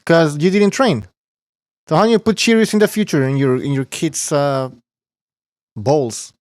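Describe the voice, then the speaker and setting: Blunt, scoffing boxing podcast host. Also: male voice, on the high side, normal speed, no room sound, clean studio sound. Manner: blunt, scoffing, curses freely. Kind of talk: casual profane boxing talk.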